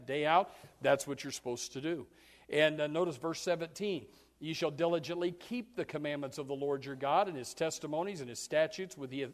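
A man preaching a sermon as pastor, folksy and animated, acting out scenes. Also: on the high side, long reverb tail. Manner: folksy, animated, acts out yelling parents and kids.

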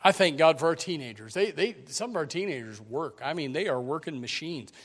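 A man preaching a sermon in a church, emphatic, swinging between loud and quiet. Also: fairly high pitch, animated, brisk. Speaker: pastor. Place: church sanctuary.

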